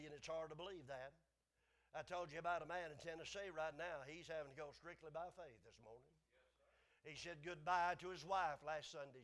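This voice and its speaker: High-voiced preacher, loud then hushed. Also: male voice. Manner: emphatic, repetitive, swings from hushed to loud. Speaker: preacher teaching a Bible lesson. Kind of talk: sermon.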